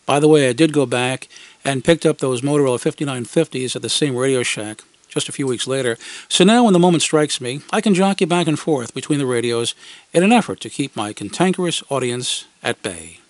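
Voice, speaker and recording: A man's voice: mid-range voice, expressive, fairly quick, no echo. A man reads a wry, scripted first-person story for an amateur radio program. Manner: wry, dry humor, acted quotes. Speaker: radio segment commentator.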